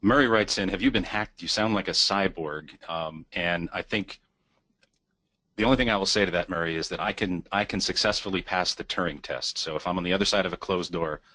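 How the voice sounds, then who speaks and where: Brief: low male host, crisp forceful tone, reads viewer questions, dry wit. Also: a little fast, no room sound. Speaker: host reading audience questions. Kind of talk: webinar Q&A.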